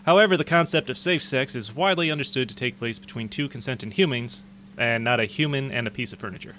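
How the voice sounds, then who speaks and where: Bright-voiced man joking through a podcast. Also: mid-range voice, fast talker, a little hiss or hum. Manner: joking, laughs often, stumbles over place names. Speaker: podcast co-host. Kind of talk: casual chat, reading news articles aloud.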